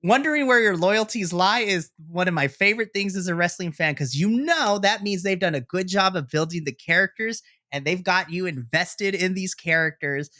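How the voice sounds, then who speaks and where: A young man co-hosting a wrestling podcast, recapping a show as an excitable storyteller who swears and acts out reactions. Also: high voice, moderate pace, hardly any pauses, no echo, clean studio sound. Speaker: podcast co-host.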